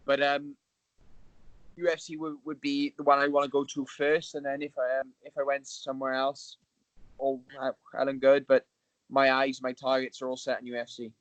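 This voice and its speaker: A man being interviewed as a guest in casual podcast chat, relaxed and pausing often with ums. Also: mid-range voice, dry recording, rough recording. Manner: relaxed, hesitant with many ums. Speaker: guest, MMA fighter.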